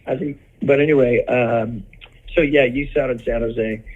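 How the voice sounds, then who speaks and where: An older man with a husky voice tells backstage stories in loose, rambling bursts, often stopping to restart a sentence. His talk is casual interview chat. The audio is dull and lo-fi. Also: mid-range voice, steady tone, normal speed. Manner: rambling storyteller, many restarts and laughs. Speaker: rock vocalist, interview guest.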